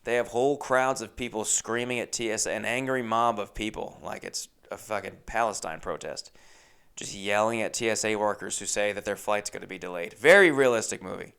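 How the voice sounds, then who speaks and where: A young man hosting a podcast, telling a casual story with lively asides, acting out other people's lines and swearing freely. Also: on the low side, brisk, vocal fry, clean tone. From Los Angeles. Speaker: podcast host.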